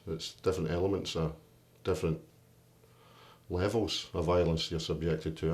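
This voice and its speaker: A man's voice: low-pitched, a little mellow. A man, interviewed in a documentary, telling his own story in a candid, plain-spoken way. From Britain. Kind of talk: personal storytelling.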